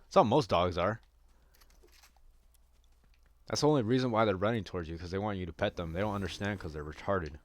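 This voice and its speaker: A man's voice: sits low, a little fast, long pauses, no room sound. A man giving casual gameplay commentary, rambling and joking crudely with a lot of swearing. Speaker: gaming streamer.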